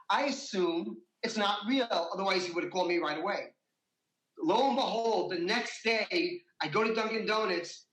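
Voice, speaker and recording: A man, an interview guest, telling a story in a casual, animated way, his voice rising high when he gets worked up. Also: echoey room, rough recording.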